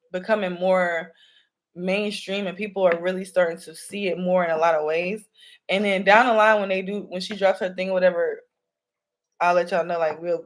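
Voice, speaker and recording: A woman, a spiritual reader talking loosely and rambling to her viewers about signs and energy. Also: mid-range voice. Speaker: spiritual reader and channel host. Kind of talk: casual spiritual channeling talk to viewers. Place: home room with candles.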